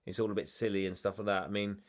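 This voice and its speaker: A man's voice: fairly low pitch, little pitch movement, fast. A man co-hosting a podcast, talking casually and often trailing off or restarting. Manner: meandering, trailing off, stammering restarts. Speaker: podcast co-host. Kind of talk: casual chat.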